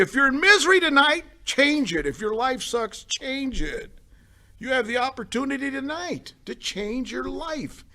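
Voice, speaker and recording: Blunt, street-talking male meeting speaker with a bright, high voice; drops to murmurs, then punches lines loud. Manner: swings from low murmurs to loud emphatic bursts. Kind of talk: motivational talk at a recovery meeting.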